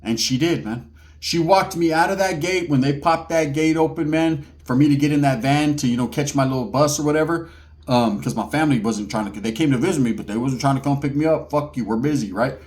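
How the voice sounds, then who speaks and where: A man's voice: mid-range voice, brisk, a little mellow. A middle-aged man from California, a former inmate, telling a story in casual street slang with punchy sound effects.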